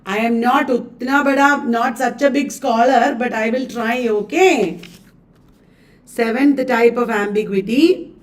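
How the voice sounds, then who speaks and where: Chatty Indian woman, live literature coaching, high-ish voice, recorded from a bit back. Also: measured pace, far from the mic. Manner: chatty, laughs often, mixes Hindi words. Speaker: literature teacher. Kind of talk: live online exam coaching.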